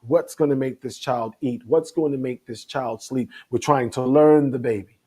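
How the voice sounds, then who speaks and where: Dark, husky man speaking in measured phrases. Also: mid-range voice. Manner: measured, lists words one by one. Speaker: guest speaker. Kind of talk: reflective panel talk.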